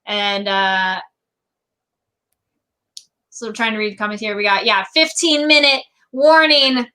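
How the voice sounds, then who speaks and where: A woman hosting a casual anime discussion, animated and acting out characters' lines as she talks. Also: mid-range voice, slow pace, poor audio. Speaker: host.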